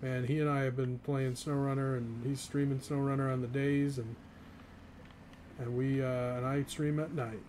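A man's voice: medium pitch, little pitch movement, normal speed, darkish tone. Young guy rambling to chat on his game stream, laughs a lot, bit of hiss behind him. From northeastern US. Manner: rambling, chatty, laughs often. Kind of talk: casual gaming stream chat.

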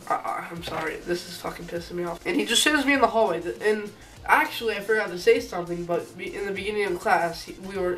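A man's voice: sits high, fairly bright tone, recorded from a distance, low-quality recording. A teenage boy vlogger telling a school story in a rambling, profane, aggrieved way. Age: teens. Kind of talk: casual storytime rant.

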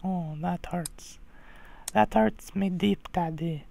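A man's voice: extremely high pitch, steady tone, takes it slowly, gravelly, a bit bright, pitched above the performer's own voice, exaggerated voice. A man putting on the wailing, pleading voice of a little boy begging his daddy, as a joke during game commentary. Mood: sulky.

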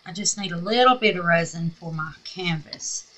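A craft vlogger from Mississippi, USA, a Southern woman with a scratchy, fairly low and fairly bright voice, talks at a moderate pace through a crafting tutorial at home. She chats casually, talks to herself, and calls viewers babies, in a home craft room with an air purifier.

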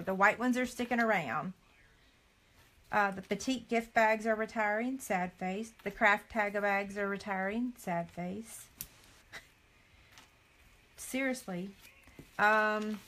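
A woman's voice: a little high, fairly bright tone. A middle-aged woman, chatting live with viewers as a craft demonstrator and reading items off a catalog, with frequent dismayed sighs. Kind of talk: casual live chat with viewers.

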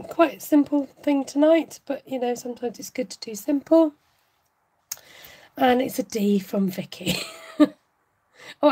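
A woman with a slightly high, mellow voice talks through a relaxed livestream craft tutorial. Her tone carries a light husky edge, and she chats freely and laughs easily between steps. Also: rough recording. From United Kingdom. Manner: chatty, laughs often, reads viewer comments aloud. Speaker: craft channel host.

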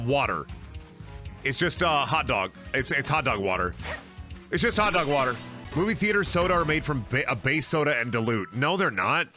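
A young man talks through a game stream in a bright, lively voice that jumps up and down in pitch. He jokes, rambles and swears freely, with faint game music underneath. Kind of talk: casual game stream commentary.

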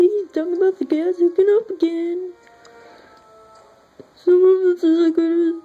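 A woman's voice: extremely high pitch, narrow, tinny audio, voice pushed up. Woman doing a kindly older male teacher. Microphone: phone filming a screen.

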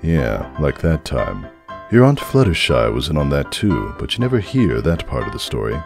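A man's voice: very deep voice, huge pitch swings, normal speed, full character voice. A man voicing a dry, sarcastic, weary stallion father in a fan audio drama. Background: faint background music.

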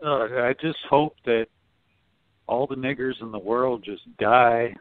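A hateful male caller speaks flatly and bluntly, sounding far off on a thin phone line, as a man puts him on. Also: mid-range voice, measured pace, lightly acted. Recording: phone-like, distant.

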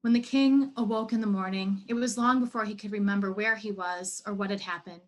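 A woman telling a parable in an online church service, in a measured, steady reading. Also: medium pitch, poor audio. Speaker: worship leader.

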